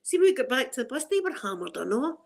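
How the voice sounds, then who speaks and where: A woman's voice: fast, gravelly. A Scottish woman in her forties, chatting casually on a live stream and telling funny stories about herself. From Scotland. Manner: animated, self-mocking, quotes herself in a high excited voice. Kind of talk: casual live chat storytelling.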